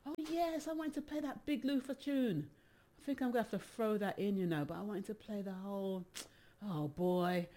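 A middle-aged DJ hosting a live stream, chatty and slightly out of breath, laughing often between shout-outs. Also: mid-range voice, moderate pace. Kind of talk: casual livestream shout-outs.

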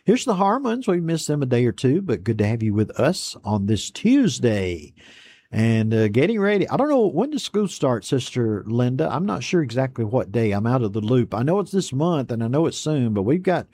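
A man hosts a Bible study broadcast, reading each viewer's greeting aloud and then answering it in a relaxed, folksy way. His voice is dark and mellow. His pitch sits in a middle range. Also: husky. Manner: folksy and unhurried, reads messages aloud then chats back. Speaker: host of an online Bible study program.

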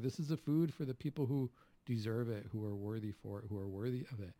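A man preaching a Catholic homily, asking rhetorical questions and acting out the Gospel quotes with lively emphasis. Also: mid-range voice, quick pace, dry recording.

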